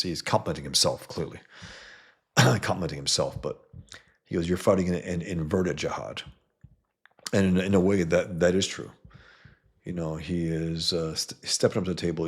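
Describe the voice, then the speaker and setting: A man's voice: very deep voice, slightly rough. A man, a comic book creator, talking casually through his own work in a review vlog, blunt and emphatic, often repeating words as he goes. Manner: blunt, emphatic, swears freely.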